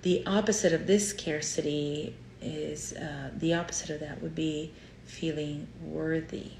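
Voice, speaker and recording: A woman's voice: sits low, steady tone, measured pace, a little mellow, roomy sound, a little hiss or hum. A woman from Brazil with a Brazilian Portuguese accent, a native Portuguese speaker, giving an earnest teaching talk to camera as a therapist and repeating phrases for emphasis.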